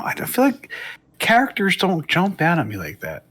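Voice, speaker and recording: A man's voice: medium pitch, sing-song, slow pace, fairly bright tone. A man as a guest in a casual interview, rambling and thinking aloud with many fillers. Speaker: guest, streamer.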